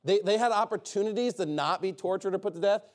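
A preacher giving a loose, off-the-cuff sermon, his voice pitched a little high for a man. He talks in a sarcastic, rambling way and keeps slipping in joking asides. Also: fast. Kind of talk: informal sermon.

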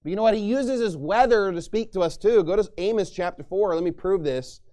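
Emphatic high-voiced male preacher. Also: brisk. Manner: emphatic, forceful, mocking asides, reads scripture aloud. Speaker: pastor. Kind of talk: sermon.

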